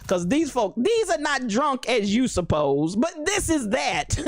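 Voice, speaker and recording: Lively woman host, laughing and talking back to her listeners, voice all over the place. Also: sits high, unhurried, no echo. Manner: animated, laughing, chatty with listeners by name. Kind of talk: lively live-stream chat.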